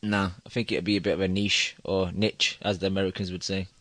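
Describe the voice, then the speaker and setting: A man's voice: low-pitched, little pitch movement, a bit bright, no echo. A man hosting a podcast in casual chat over an online call, joking and firing off questions. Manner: quick, joking, asks questions. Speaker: podcast host.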